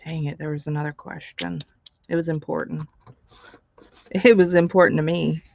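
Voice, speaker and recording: A woman's voice: low-pitched, steady tone, moderate pace, gravelly, highs cut off, a little hiss or hum. A woman hosting a live stream, chatting casually with viewers while she crafts, laughing often.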